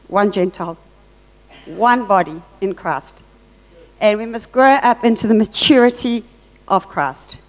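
A woman giving an earnest testimony at church, telling her story with lively reported dialogue. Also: on the high side. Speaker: church speaker sharing a testimony. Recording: long hall reverb.

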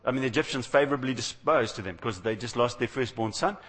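Male preacher, husky, storytelling sermon style that acts out quoted voices, long hall reverb. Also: mid-range voice, fast talker, fairly bright tone.

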